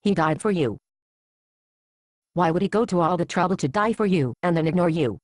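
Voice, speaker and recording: A woman's voice: lowish voice, lively intonation, moderate pace, dry recording. A woman acting as a frank churchgoing friend who counsels with blunt, dry teasing in an amateur Bible drama. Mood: matter-of-fact.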